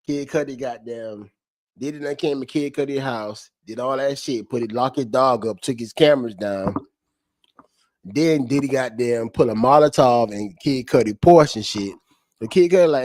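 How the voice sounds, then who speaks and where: A man streaming to his chat, reading court testimony in a flat voice and then breaking into slangy, profane, laughing commentary. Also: mid-range voice, moderate pace, no room sound, studio quality. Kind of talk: casual livestream commentary.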